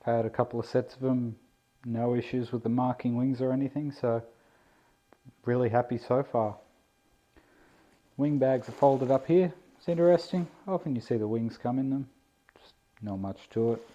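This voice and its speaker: Laid-back man, very dark voice. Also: mid-range voice. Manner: laid-back, self-deprecating, chatty. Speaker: RC plane hobbyist vlogger. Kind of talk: casual unboxing commentary. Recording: dull lo-fi camera audio.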